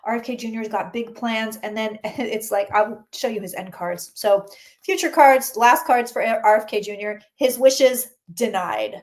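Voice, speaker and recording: A woman's voice: fairly high pitch, unhurried, a little mellow. Chatty woman reading tarot live. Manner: chatty, exclamatory, answering chat questions. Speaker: psychic reader.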